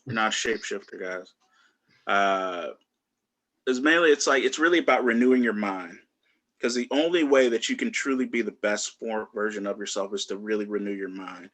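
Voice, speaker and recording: Male stand-up comic with a bright, forward tone, rambling and full of fillers, on a video call. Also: on the low side. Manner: loose, rambling delivery with many fillers and restarts. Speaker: stand-up comedian.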